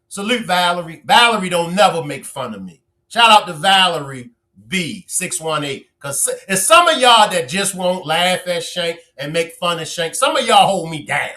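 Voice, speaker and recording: A man hosting a casual livestream, reading and teasing viewers' comments in an animated way, stretching words for emphasis. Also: high-pitched. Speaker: livestream host.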